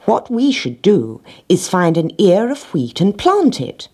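A woman doing a brisk little hen, lifted a touch higher and husky, insistent and explaining things patiently, pitch swinging up as she presses her point. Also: very animated, darkish tone. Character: bossy earnest little hen with a plan.

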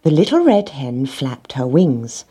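A woman reading a children's storybook aloud in a gentle, measured way. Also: extremely low pitch, big pitch swings, slightly rough.

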